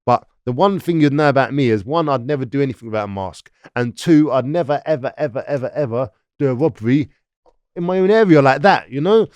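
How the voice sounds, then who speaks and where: A man's voice: medium pitch, quick pace, hardly any pauses, clear, resonant tone, dry recording. A man in his thirties with a London accent, telling his story as an interview guest and acting out what other people said. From London, England. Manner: animated, acts out other people's lines.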